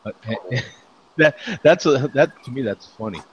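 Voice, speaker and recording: A man's voice: medium pitch, animated, unhurried, lo-fi sound, a little hiss or hum. A man hosting a casual beer chat show, laughing often and joking as he reads out tasting notes. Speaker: podcast host.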